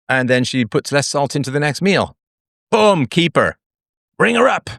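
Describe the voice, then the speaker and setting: Middle-aged male host, very lively pitch, dry close mic, plays the quoted voices himself. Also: moderate pace, dry recording. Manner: animated, acts out quoted voices, sings snatches. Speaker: podcast host. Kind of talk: live call-in show monologue. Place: online audio space.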